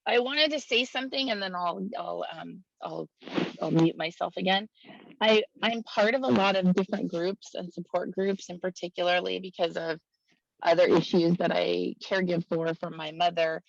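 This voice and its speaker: A woman's voice: lowish voice, moderate pace, gravelly, no echo. A woman speaks up on a video call, chatty and a little unsure, circling back over her words as she goes. The sound is dry and dull, with no room around it. It carries the lo-fi feel of call audio. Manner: chatty and hesitant, many restarts. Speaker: participant, caregiver. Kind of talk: casual video-call chat.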